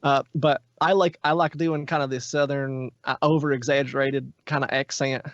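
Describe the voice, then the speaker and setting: A man's voice: mid-range voice, level tone, normal speed, no room sound. A man chatting as a podcast guest, loose and rambling with lots of filler words. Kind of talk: casual podcast chat. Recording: dull, muffled podcast audio.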